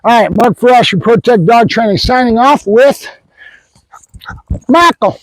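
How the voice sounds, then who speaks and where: Male dog trainer, high pitched, very lively, casual demo talk, dry sound. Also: a little slow, no room sound, rough recording. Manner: switches between explaining and high, excited praise to a puppy; casual, addresses viewers as guys. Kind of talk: hands-on training demo with commentary to viewers. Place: outdoors at a training area.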